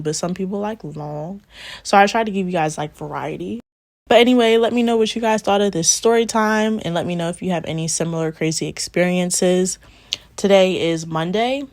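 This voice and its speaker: A young woman in her twenties chatting straight to her viewers in a relaxed storytime vlog. Her voice sits a little low for a woman, and her delivery is animated and easy, with frequent laughs. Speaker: beauty vlogger.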